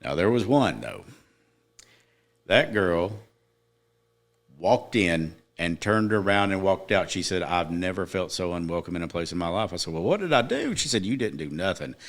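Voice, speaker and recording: A man's voice: sits low, animated, moderate pace. A middle-aged man, a podcast guest, earnestly telling a personal story in casual chat, with emphatic moments.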